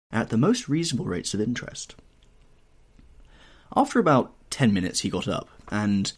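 A male audiobook narrator with a fairly low voice that rises and falls in lively swings. He reads in a measured, expressive storytelling manner, carefully shaping each sentence. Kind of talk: scripted narration.

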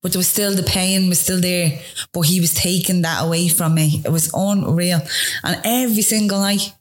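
A woman's voice: on the low side, fairly even intonation. Chatty Dublin woman telling her story. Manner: chatty, fast, laughing asides. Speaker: interview guest. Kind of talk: casual storytelling.

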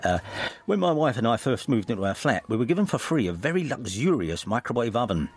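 Jokey radio host, lively voice. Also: male voice, medium pitch, fast talker, slightly rough. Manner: jokey, self-deprecating, prone to laughing. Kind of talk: casual radio chat, reading listener letters.

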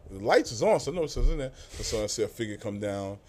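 A man's voice: medium pitch, very animated, quick pace, very noisy. A middle-aged man tells stories in a casual interview. His voice sits in an ordinary middle register. He talks loosely, swears freely and often restarts his sentences. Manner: loose, profane, full of fillers and restarts. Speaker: music industry guest.

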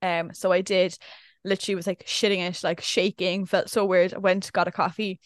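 A woman's voice: fairly low pitch, little pitch movement, normal speed, dry recording, clean studio sound. A young adult woman, co-hosting a casual podcast and telling a story in a chatty way, acting out what people said. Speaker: podcast co-host. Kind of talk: casual chat.

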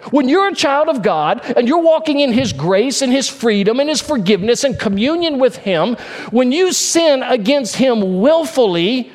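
Guy preaching, really high voice, lots of ups and downs, earnest, goes quiet and low on serious bits. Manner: earnest, repeats key phrases for emphasis; drops to a hushed low tone on solemn points. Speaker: pastor. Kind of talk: sermon.

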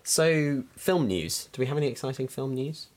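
A man's voice: medium pitch, lively intonation, moderate pace, soft background music. A man co-hosting a casual film podcast, speaking in a dry, joking way with frequent ums. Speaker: podcast co-host.

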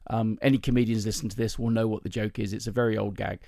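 A man's voice: fairly low pitch, level tone, fast, creaky, dark tone, dry recording, clean studio sound. A male comedian hosting a podcast, telling chatty, self-mocking anecdotes in a casual voice with plenty of ums and restarts. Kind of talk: casual storytelling chat.

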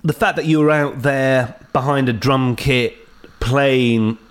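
A man hosting a radio interview, asking measured, prompting questions. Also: mid-range voice, steady tone, clear, resonant tone.

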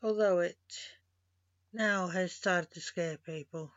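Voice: medium pitch, slow pace, a bit bright, no echo. A storyteller voicing a sarcastic, joking male reaper who is a father, on a dull lo-fi recording. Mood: dry.

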